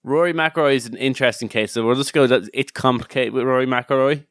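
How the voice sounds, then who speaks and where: Irish man, podcast co-host, smooth resonant voice, dry close sound, laughing and rambling. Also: medium pitch, quick pace, no room sound. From Ireland. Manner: rambling, swearing, laughing storyteller. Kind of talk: casual chat.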